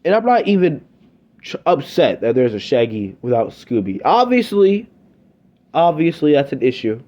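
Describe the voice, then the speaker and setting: A man's voice: fairly high pitch, sing-song, moderate pace, a little mellow, lo-fi sound. Exasperated ranting male reviewer. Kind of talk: scripted review commentary.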